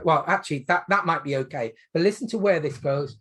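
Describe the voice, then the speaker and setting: A man teaching a medical exam webinar, emphatic and lively, asking the audience rhetorical questions. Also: a little high, a little fast, few pauses, slightly rough. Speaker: GP trainer.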